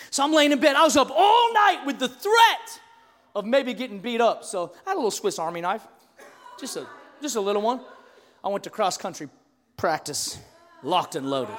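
A middle-aged man preaching a sermon, telling stories that swing between loud shouts and hushed asides. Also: high voice, big pitch swings, brisk, long reverb tail. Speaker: pastor.

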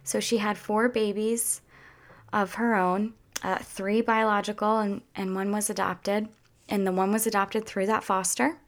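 A woman talking casually to her viewers in a heartfelt, chatty way, near tears and drifting into soft whispers at times. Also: mid-range voice, level tone, a little slow. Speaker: vlogger. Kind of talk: casual personal talk to viewers.

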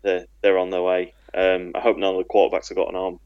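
A jokey male co-host with a fairly low voice rambles through his answers and restarts his sentences often. The recording is dry and a little dull. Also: completely flat delivery, quick pace, no room sound. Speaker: guest co-host. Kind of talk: casual podcast chat.

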